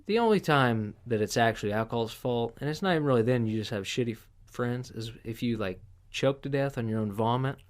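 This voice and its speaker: Guy on a podcast reading news and cussing it out, sarcastic, just a regular mid voice. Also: mid-range voice. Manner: crude, profane, sarcastic riffing between read headlines. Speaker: podcast host. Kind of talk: casual news commentary.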